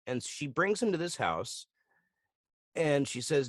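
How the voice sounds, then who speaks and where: Animated man recapping a show, dry close mic. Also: a little high, dry recording. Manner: animated, acts out scenes in quick put-on voices, swears. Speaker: podcast co-host. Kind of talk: casual chat recapping a TV show.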